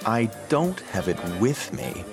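A man's voice: medium pitch, sing-song, slow pace. A man voicing a cocky male space smuggler who talks in a dry, offhand way. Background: music.

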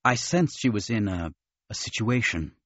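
A man voicing a quiet young male Jedi speaking in a low voice. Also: lively intonation, normal speed, dry recording, muffled recording.

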